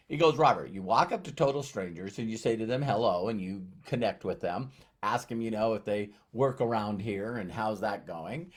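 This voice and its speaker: A man's voice: mid-range voice, moderate pace, breathy edge. A man telling a personal story as a motivational speaker, acting out both sides of a conversation. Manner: animated, acts out dialogue. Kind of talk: storytelling talk.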